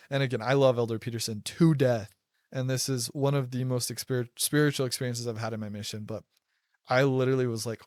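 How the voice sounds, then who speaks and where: A man's voice: medium pitch, a little mellow, no room sound, clean studio sound. A young man casually telling a personal story, rambling, with lots of "like" and restarts. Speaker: podcast host telling personal stories.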